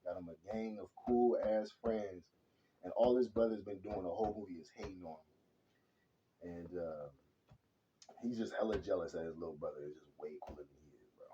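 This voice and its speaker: A man giving a casual, slang-heavy movie review, animated and chatty, calling everyone "bro.". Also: deep voice, a little fast, highs cut off, slight background noise. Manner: slangy and animated, says "bro" and "hella" constantly.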